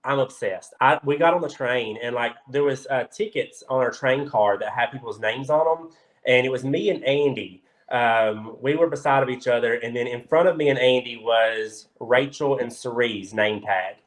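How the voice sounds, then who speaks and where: A man from Kentucky, a guest on a casual talk show, telling stories in an excitable, animated way. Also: medium pitch, normal speed, low-quality recording. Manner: excitable, animated storyteller with frequent filler "like". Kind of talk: casual chat, storytelling.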